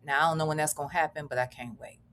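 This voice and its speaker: A woman's voice: sits low, fairly even intonation, very fast, fairly bright tone. A middle-aged woman, chatting casually on a live reaction stream, reading comments and wandering off topic with swearing and laughing asides.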